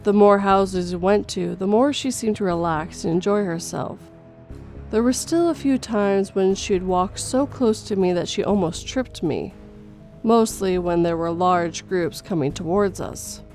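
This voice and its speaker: A woman's voice: medium pitch, a little slow, a little mellow. Woman narrating a horror story over music. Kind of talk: scripted first-person horror narration. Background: faint music.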